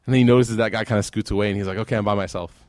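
A man's voice: lowish voice, steady tone, racing, darkish tone, no room sound, studio quality. A man giving a sermon, telling a story and then closing in fervent prayer. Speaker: preacher.

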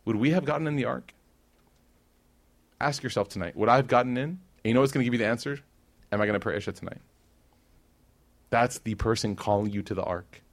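A young man giving an informal sermon, talking casually with the crowd, then rising to emphatic peaks. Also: on the low side. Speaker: preacher.

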